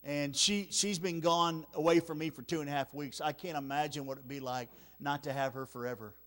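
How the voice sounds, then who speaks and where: Emotional preacher telling a story. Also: male voice, fairly high pitch, steady tone, fairly quick, fairly bright tone. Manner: emotional, repeats words, drops to near-whisper at sad moments. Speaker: evangelist. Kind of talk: revival sermon storytelling. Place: church sanctuary.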